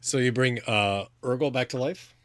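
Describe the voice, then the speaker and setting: A man running a tabletop game as game master, talking in a relaxed, halting way with many fillers. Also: mid-range voice, no echo.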